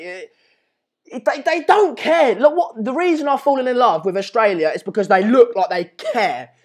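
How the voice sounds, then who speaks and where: A man hosting a live football chat stream, ranting in an exasperated way and repeating himself. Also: sits high. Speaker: live match chat host.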